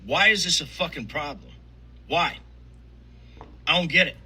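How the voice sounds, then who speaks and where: A man's voice: a little high, animated, unhurried, sharp tone, slightly rough, rough recording. A man ranting angrily, swearing constantly and firing off rhetorical questions in an irritated tone. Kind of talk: angry profane rant.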